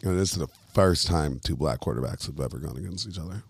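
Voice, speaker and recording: A man's voice: very deep voice, fast, husky, no room sound. A man hosting a podcast in casual chat, rambling, swearing freely and losing his train of thought. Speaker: podcast host.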